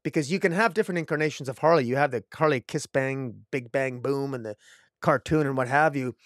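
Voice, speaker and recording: A man's voice: medium pitch, brisk, a bit bright, no room sound, clean studio sound. A man reviewing comic books alone, rambling with many fillers and restarts. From Canada. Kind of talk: casual solo review.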